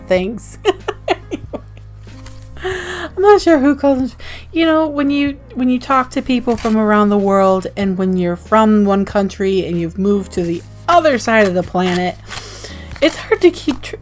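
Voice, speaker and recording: Rambling, giggly American woman. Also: medium pitch. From United States. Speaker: zine vlogger. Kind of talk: casual vlog chat.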